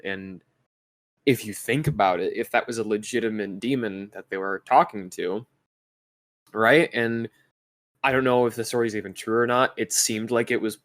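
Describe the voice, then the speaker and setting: A man's voice: lowish voice, normal speed, a bit bright, dry recording. Young man rambling through a story. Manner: rambling storyteller, many fillers and restarts. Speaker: podcast co-host. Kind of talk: casual chat.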